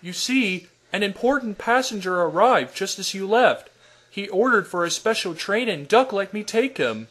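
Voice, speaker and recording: A man voicing a gentle, polite male engine in a fan redub of a children's cartoon, earnest and kind. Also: high voice, lively intonation, normal speed, husky, exaggerated voice. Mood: friendly.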